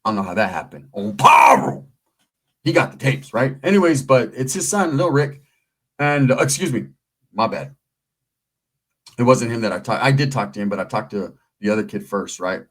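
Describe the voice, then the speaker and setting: A man's voice: mid-range voice, lively intonation, brisk. A middle-aged man rambling through a profane, streetwise story while vlogging. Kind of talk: casual storytelling to camera.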